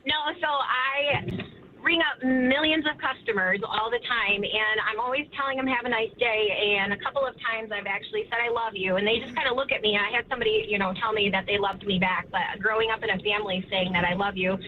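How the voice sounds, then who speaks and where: A woman's voice: mid-range voice, fairly quick. A woman calling in to a radio show, a mother who works at an airport and talks in a friendly, chatty way over a phone line. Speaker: caller, airport worker. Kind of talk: phone-in chat. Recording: dull phone-line audio with faint hiss.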